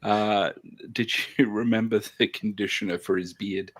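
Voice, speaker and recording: A man's voice: fairly low pitch, fairly even intonation, normal speed. A man co-hosting a hobby livestream, reading out viewer comments with frequent hesitant fillers. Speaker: livestream co-host. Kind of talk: casual chat. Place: home studio, on a video call.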